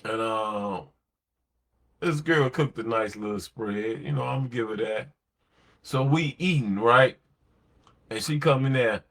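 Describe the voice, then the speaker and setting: A man's voice: mid-range voice, takes it slowly, pauses often, a bit bright. A man talking on a late-night podcast in a blunt, slangy, emphatic way, telling stories and giving opinions. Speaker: podcast host.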